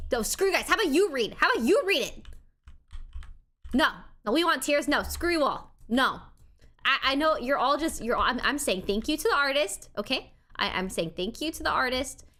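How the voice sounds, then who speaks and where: A woman live streamer chatting casually, excitable and swinging between loud outbursts and quiet mumbles, grateful and playfully defensive. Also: high voice, moderate pace. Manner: playfully defensive toward chat; warm and grateful, thanking people one after another.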